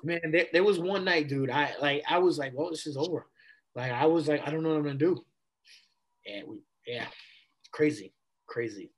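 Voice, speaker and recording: Animated young man telling a story. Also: fairly high pitch, moderate pace. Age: 20s. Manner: animated, replays conversations with casual slang. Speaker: podcast guest. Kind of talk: casual storytelling.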